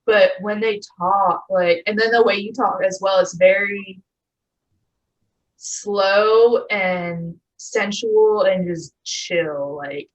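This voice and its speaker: A young woman in her twenties hosting a podcast in casual chat, animated and quick to get excited, swearing casually. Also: mid-range voice, muffled recording. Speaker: podcast host.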